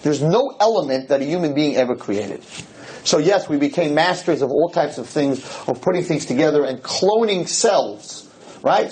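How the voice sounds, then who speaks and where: A man giving a humorous storytelling lecture to a live audience, talking in an animated, joking way with sudden jumps in pitch. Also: normal speed, poor audio.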